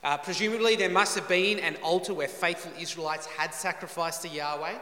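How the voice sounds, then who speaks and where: A man's voice: a little high, steady tone, a little fast, sharp tone. A man preaching through a Bible passage, reading verses dramatically and adding wry, joking asides. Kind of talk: expository sermon. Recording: roomy echoey hall.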